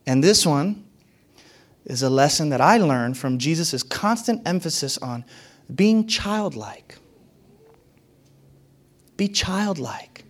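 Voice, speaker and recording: A man's voice: expressive, takes it slowly, long pauses. A man preaching a sermon, emphatic and repetitive, sometimes dropping his voice to a whisper and sometimes rising sharply. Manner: emphatic, repeats key phrases, pitch swings widely.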